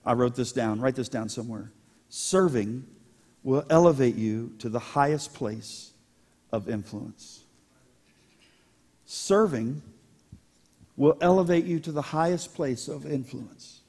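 A pastor preaching a sermon, animated and joking with his congregation. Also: medium pitch, takes it slowly, pauses often, husky. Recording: long hall reverb.

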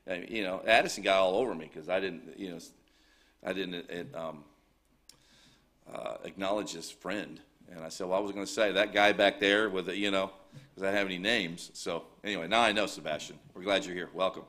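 Male pastor, very low voice, folksy, rambling, lots of fillers. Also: normal speed, fairly bright tone. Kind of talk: church service announcements.

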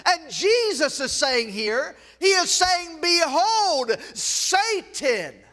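High, bright Southern preacher in church. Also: male voice, very animated, drawn-out words, long reverb tail. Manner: impassioned preaching with rising shouts and joking asides. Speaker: pastor. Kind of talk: sermon. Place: church sanctuary.

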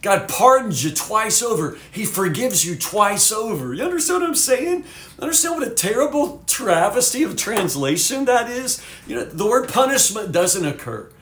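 A man's voice: sits high, sing-song, moderate pace, fairly bright tone, reverberant. A man teaching from the Bible as a pastor, folksy and fervent, full of "you know"s.

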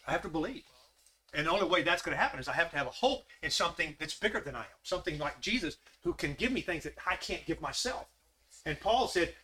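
A man with a high, sharp-toned voice talks fast and animatedly while leading a Bible study. His teaching is folksy and conversational, and he poses questions to the group.

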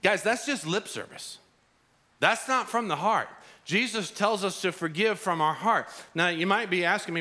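A man preaching a sermon as pastor, telling a parable in an animated, storytelling way in a church. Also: high voice, moderate pace. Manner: animated storytelling, acts out characters.

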